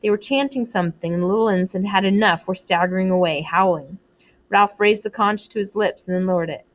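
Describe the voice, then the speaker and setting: A woman reading a novel aloud in a measured, even storytelling voice. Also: medium pitch. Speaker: reader.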